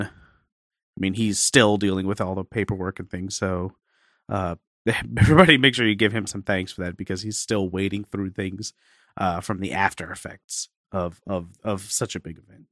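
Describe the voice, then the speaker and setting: A man's voice: deep voice, a bit bright, no echo, clean studio sound. A man co-hosting a podcast, talking in an earnest, rambling way. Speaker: podcast co-host. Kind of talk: casual podcast talk.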